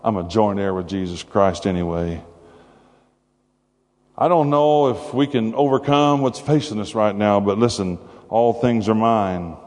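A man preaching a sermon to a congregation, animated and conversational, with playful asides. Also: on the low side, measured pace. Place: church hall before a congregation. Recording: long hall reverb with faint music.

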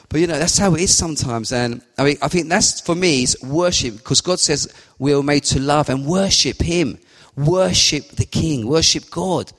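A man's voice: a little high, a little fast, a bit bright. A middle-aged man giving an informal, rambling sermon, acting out his prayers aloud. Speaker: preacher. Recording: long hall reverb.

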